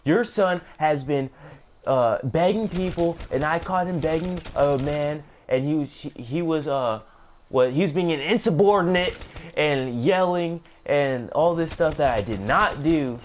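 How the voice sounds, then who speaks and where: Brief: mean, exaggerating female security guard, as a male narrator puts her on, yelling and pitched up. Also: a little slow, slight background noise, close to an everyday voice. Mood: accusing.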